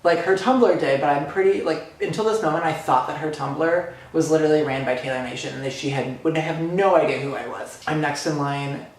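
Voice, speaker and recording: Man, vlogger, excited storytelling, animated, dramatic, echoey room. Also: fairly high pitch, fairly quick, few pauses, a little hiss or hum. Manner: animated and dramatic, lots of "like" and "literally".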